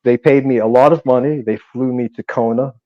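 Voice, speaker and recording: A man's voice: mid-range voice, fairly even intonation, a little fast, no room sound. A man being interviewed as a guest actor, speaking in an intense, reflective and earnest way. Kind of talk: interview conversation. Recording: dry, dull lo-fi audio.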